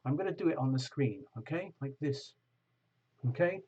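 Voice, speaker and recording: A man giving a casual online tarot reading, gently coaxing the listener and slowing down to read passages aloud. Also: a little high, animated, husky. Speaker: tarot reader. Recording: slightly dull lo-fi audio.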